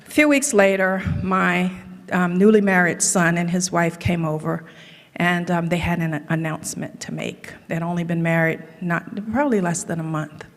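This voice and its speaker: A middle-aged woman with a lowish voice gives a humorous tribute speech, spinning stories with deadpan running jokes. Her voice rings with a long reverb off a large hall. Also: moderate pace. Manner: storytelling with dry running jokes. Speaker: colleague giving a tribute speech.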